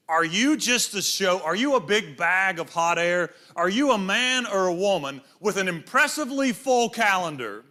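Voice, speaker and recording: Bright-voiced man preaching a sermon. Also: high voice. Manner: storytelling, acts out voices in quotes. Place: church.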